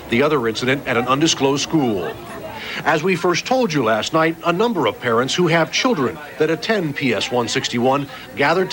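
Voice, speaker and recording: A male TV news reporter giving a measured, serious field report outdoors in the city. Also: fairly high pitch, a bit bright, poor audio. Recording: 1980s TV news with faint street noise.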